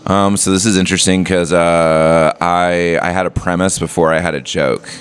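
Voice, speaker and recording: Deep-voiced laid-back male comedian. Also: fairly even intonation, moderate pace, faint music behind. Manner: laid-back, riffing, frequent "like" fillers. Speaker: comedian guest. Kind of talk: casual podcast chat.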